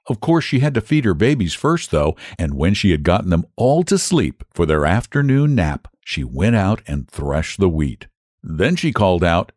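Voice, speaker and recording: A man narrating a children's storybook with a lively, sing-song delivery. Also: on the low side, normal speed, no echo, studio quality. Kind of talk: storybook reading.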